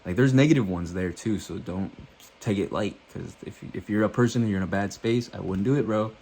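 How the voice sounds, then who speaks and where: A man's voice: lowish voice, fairly quick, vocal fry, a little mellow, a little hiss or hum. A man vlogging, telling a loose, profane story to the camera and acting out what he thought and said.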